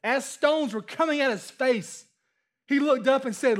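Pastor guy preaching, really high voice, chatty, keeps restarting phrases then gets loud and emphatic. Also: a little slow. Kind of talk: sermon.

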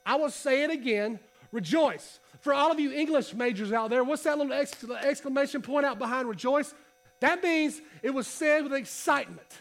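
A man preaching a casual sermon to a congregation, reading scripture and talking in a conversational, animated way. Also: extremely high pitch, fairly quick, faint music behind. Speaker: pastor. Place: church hall.

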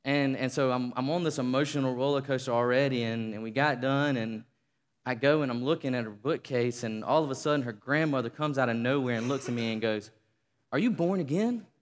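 A man preaching a sermon, telling a story in an animated, conversational way. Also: medium pitch, brisk, clean tone, long reverb tail. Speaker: pastor.

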